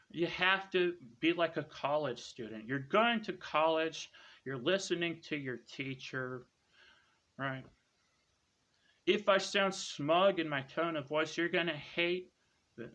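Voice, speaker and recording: A man's voice: on the high side, bright, forceful tone. A man ranting to his viewers in a smug, scornful lecturing tone, ending claims with "right?". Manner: lecturing, repeats "right?" after each claim. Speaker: online commentator.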